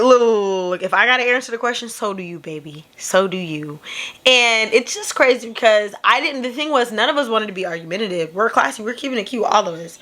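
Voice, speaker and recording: A woman's voice: a little high, fairly bright tone. A sassy young woman reacting to a dating show clip, talking animatedly and often breaking into laughter, recorded on her own camera at home. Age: young adult. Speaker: reaction video creator. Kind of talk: casual reaction commentary.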